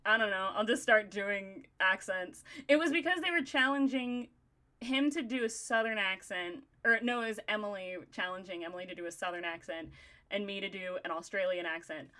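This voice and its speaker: A woman's voice: mid-range voice, normal speed, bright, forceful tone. A woman hosting a podcast in casual chat, talking in loose, rambling runs and laughing often. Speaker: podcast host.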